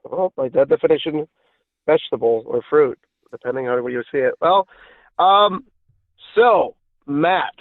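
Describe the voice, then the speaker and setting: A man's voice: a little high, a little slow, pauses often, no room sound. Casual male caller on a tinny phone line. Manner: casual, says bro a lot, laughs things off. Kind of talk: call-in debate.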